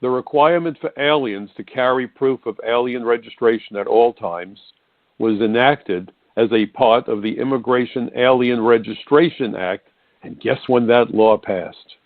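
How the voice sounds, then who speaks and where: A man's voice: mid-range voice, no echo. An older man holds forth on talk radio, indignant and emphatic, hammering his points home by repeating them. His voice sits in an ordinary middle range and comes through a thin, phone-like line. The sound is dry, with no room around it. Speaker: radio talk show host. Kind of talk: opinionated talk radio monologue.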